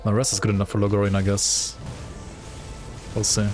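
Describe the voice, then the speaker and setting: A man's voice: on the low side, monotone, normal speed, darkish tone, soft background music. A man with a German accent, lightly touched by Swedish, chatting casually while playing a game, full of fillers and "right?". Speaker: gaming streamer. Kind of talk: casual gameplay commentary.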